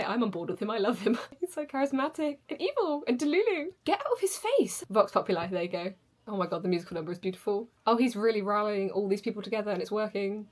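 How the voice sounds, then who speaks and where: A young woman reacting to a show on her channel, gasping and gushing excitedly. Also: mid-range voice. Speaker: reaction video host. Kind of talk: casual reaction commentary.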